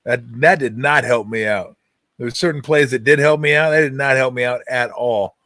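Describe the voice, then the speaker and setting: Speaking a little fast in a mid-range voice, this middle-aged sports talk show host tells playful stories in a casual chat, retelling events with animation. He's on a streaming call mic, and there's no echo.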